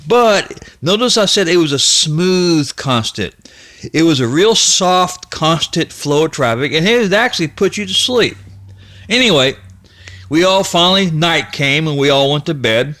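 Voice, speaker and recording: A man's voice: a little high, lively intonation, fairly bright tone. A man in his fifties from the Ohio-Kentucky area telling a personal story in a folksy, rambling way, stopping and restarting often. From Ohio-Kentucky area, USA. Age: 50s. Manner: rambling, halting, with many restarts; folksy and nostalgic. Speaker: channel host.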